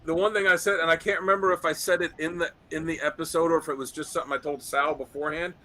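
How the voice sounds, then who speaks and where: A man's voice: on the high side, fairly even intonation, fast talker, sharp tone, poor audio. A man co-hosting a casual podcast chat, rambling with many fillers. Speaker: podcast co-host.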